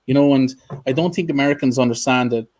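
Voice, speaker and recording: A man's voice: medium pitch, quick pace, a little mellow. A man hosting a casual interview over a video call, talking earnestly with many ums and restarts. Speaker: host.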